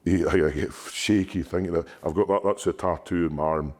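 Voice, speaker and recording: Strongman guy, super low rough voice, sweary and animated, keeps repeating himself. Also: fairly quick. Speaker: strongman guest. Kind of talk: candid interview storytelling.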